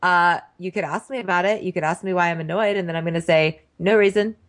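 A woman's voice: on the low side, fast. Wry, blunt woman co-hosting a casual chat. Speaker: podcast co-host.

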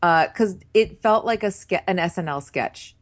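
A woman's voice: lowish voice, moderate pace. A woman co-hosting a casual chat, wryly recapping a show and acting out quotes. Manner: wry, chatty, acts out quotes. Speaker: podcast co-host.

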